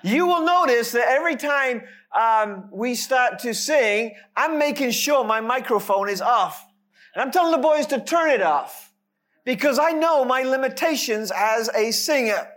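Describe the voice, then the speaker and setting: A preacher delivers a sermon at an unhurried, deliberate pace. The delivery is emphatic, stressing key phrases, and carries a light, self-mocking humor. The pitch sits in a middle register. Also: lively intonation, fairly bright tone. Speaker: pastor.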